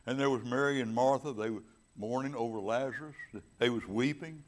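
During his sermon, this preacher shifts between quiet, low stretches and forceful, loud peaks. Key words are stretched out slowly, and he slips in offhand remarks to the congregation.

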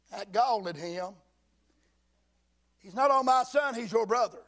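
A pastor with a very high voice gives a sermon inside a church sanctuary. Slow King James readings are broken up by his down-home asides, with occasional shouts for emphasis.

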